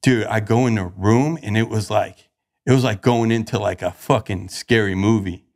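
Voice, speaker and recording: A man's voice: fairly low pitch, moderate pace, gravelly. A young man on a podcast, telling his recovery story in a casual, slangy way and acting out the quoted lines. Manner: animated, slangy, acts out quoted dialogue.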